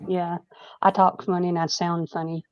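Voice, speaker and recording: A woman's voice: fairly low pitch, little pitch movement, normal speed, a little mellow, clean tone, no echo, lo-fi sound. A woman from Nashville with a Southern US accent, chatting casually on a live stream and laughing often. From Nashville, Tennessee. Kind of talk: casual chat.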